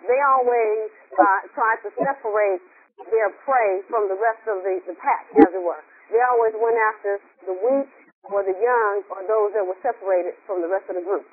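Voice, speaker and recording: A man's voice: high voice, moderate pace, breathy edge. A man preaching a conversational sermon in a folksy way, often turning to his listeners with direct questions. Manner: folksy, asks listeners directly, repeats himself. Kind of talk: conversational sermon over a phone line. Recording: tinny phone line, faint hiss.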